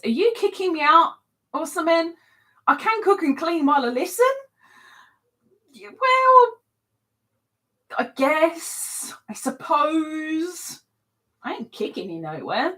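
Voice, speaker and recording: A woman's voice: a little high, a bit bright. A woman hosting a casual live stream, reading out viewers' comments and answering them in a teasing, chatty way.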